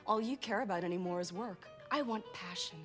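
A woman's voice: mid-range voice, fairly quick, a bit bright, soft background music, close to an everyday voice. An actress playing a restless young wife in a TV drama, bitter and cutting as she leaves her husband. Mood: fed up. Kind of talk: TV drama acting.

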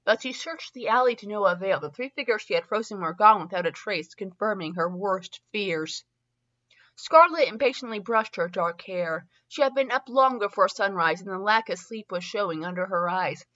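A woman's voice: mid-range voice, expressive, moderate pace, fairly bright tone, dull audio. A woman hosting a show where she reads fanfiction aloud, often tripping over words and laughing at herself between passages. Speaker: podcast host reading fanfiction aloud. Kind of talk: reading a story aloud with comic asides.

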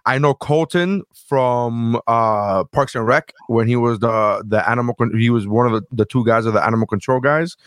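A man's voice: medium pitch, moderate pace, hardly any pauses, clean tone, no room sound. A man hosting a casual podcast chat, talking enthusiastically in long, rambling runs and swearing freely. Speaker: podcast host.

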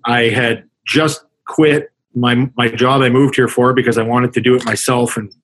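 A man's voice: medium pitch, little pitch movement, moderate pace, fairly bright tone, low-quality recording. A man, a hockey coach, answering interview questions in an earnest, rambling way, often restarting his sentences. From Canada.

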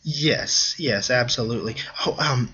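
A man's voice: mid-range voice, a little slow, pushed and bright, breathy edge, lo-fi sound. A man co-hosting a casual film review podcast, talking in a chatty, hesitant way with many ums and restarts. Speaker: podcast co-host.

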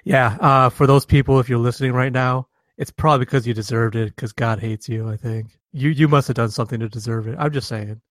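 A man's voice: mid-range voice, fairly even intonation, a little fast, few pauses, no echo, clean studio sound. A man co-hosting a casual podcast chat, joking around and laughing often. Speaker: podcast co-host.

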